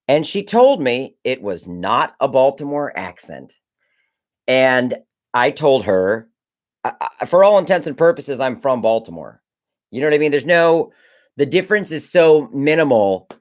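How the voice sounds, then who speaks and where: A man in his forties from Maryland, telling rambling stories in casual chat and correcting himself as he goes. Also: mid-range voice. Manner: rambling, self-correcting storyteller. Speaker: host, director and former child actor.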